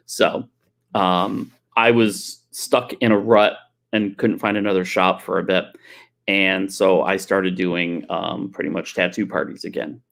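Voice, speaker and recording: Middle-aged man with a lowish voice, casual rambling storyteller, swears freely. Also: fairly even intonation, measured pace, creaky, a bit bright. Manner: rambling, profane, anecdotal. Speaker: tattoo artist telling a story.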